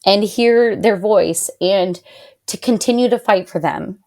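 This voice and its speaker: A young woman, a podcast guest and patient advocate, telling a personal story with feeling, lots of "like", and lively quoted voices. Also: mid-range voice, measured pace. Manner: animated, heavy use of "like", quotes others in raised voice.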